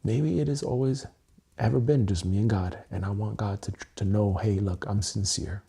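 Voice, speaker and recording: A man speaking straight into his webcam during a solo livestream, with a deep, gravelly voice. He sounds earnest and emotional, swears freely and circles back over the same phrases. The tone is mellow and a bit husky. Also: moderate pace. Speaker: content creator. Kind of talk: solo livestream monologue, EFT tapping. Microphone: webcam mic, looking into camera.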